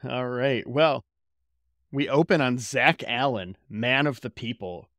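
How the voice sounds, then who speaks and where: A man's voice: medium pitch, slow pace, fairly bright tone, dry recording, clean studio sound. A man co-hosting a casual podcast, recapping a show in a joking, laid-back way. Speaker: podcast co-host. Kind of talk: casual chat. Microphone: home podcast mic.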